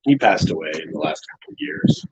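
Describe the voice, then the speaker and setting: A man's voice: deep voice, huge pitch swings, brisk, a little mellow, husky, poor audio. A middle-aged man co-hosting a casual chat show, telling stories in a joking, teasing way. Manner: joking storyteller. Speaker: co-host.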